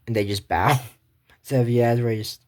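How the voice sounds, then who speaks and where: A show recap vlogger retelling a cartoon episode in a rambling, halting way, full of restarts, often dropping low and soft. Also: steady tone.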